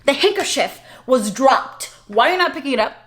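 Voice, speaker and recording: A young adult woman vlogging, telling a story in a chatty, animated way and laughing often. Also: high-pitched, fairly quick. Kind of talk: casual storytelling vlog.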